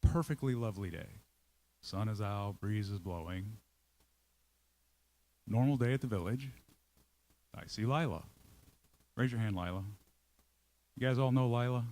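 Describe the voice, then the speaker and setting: Animated storytelling man. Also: fairly low pitch, measured pace, long pauses. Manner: animated, acts out his own inner voice; conversational, checks in with listeners. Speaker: CEO giving a talk. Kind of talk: storytelling talk to a live audience.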